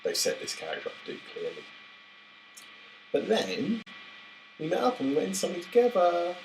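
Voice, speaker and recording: A man's voice: high voice, wildly swooping pitch, brisk, a little hiss or hum, poor audio. A man co-hosting a podcast in casual chat, rambling and jokey, often breaking off mid-sentence. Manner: rambling, self-interrupting, jokey. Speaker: podcast co-host.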